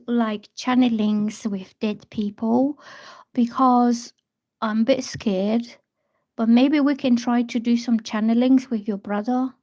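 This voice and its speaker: A young woman reading tarot on a livestream, chatting casually and telling a story with soft, hesitant restarts. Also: a little high, steady tone, takes it slowly.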